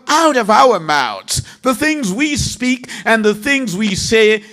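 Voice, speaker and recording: A man's voice: high voice, animated, slow pace, hardly any pauses, fairly bright tone. A man preaching a sermon, reading scripture in a dramatic, emphatic way.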